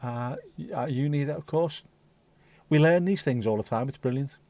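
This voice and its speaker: Man, livestream host, casual sweary banter with chat, mid pitch, dry close sound. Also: moderate pace, mellow, no echo. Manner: chatty, sweary, banters with viewers. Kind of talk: casual chat reading out live chat.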